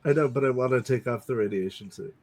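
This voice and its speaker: A man's voice: mid-range voice, fast, darkish tone, no echo. A man playing in a tabletop game, chatting casually and asking eager questions. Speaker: player.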